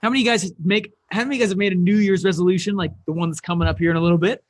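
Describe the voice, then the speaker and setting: A man with a high, light voice gives an animated business talk from a stage. The sound is dry and close, with little room around it, and he rises to near shouts on his key points. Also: rapid-fire, no echo. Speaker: speaker.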